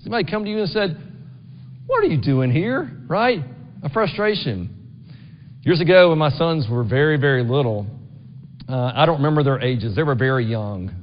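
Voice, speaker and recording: Chatty pastor in an echoey church. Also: male voice, a little high, expressive, a little fast. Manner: conversational, frequent "right?" asides to the congregation. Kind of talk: sermon. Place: church sanctuary. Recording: dull long-reverb church recording.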